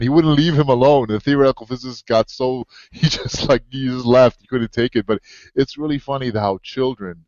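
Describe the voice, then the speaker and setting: A man's voice: medium pitch, brisk, no room sound. A man in a casual conversation, telling stories eagerly. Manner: eager storyteller, animated. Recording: dull lo-fi audio, dry.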